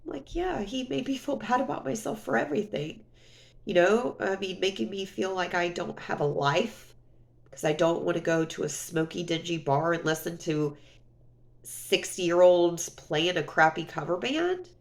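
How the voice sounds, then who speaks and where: A woman talks straight to camera in a casual storytime vlog, her voice gravelly with a lot of vocal fry. She rambles as she vents and fills her talk with "you know". She sounds sniffly, close to tears. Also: on the low side, lively intonation, normal speed. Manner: rambling, full of "you know", emotional venting. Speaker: vlogger.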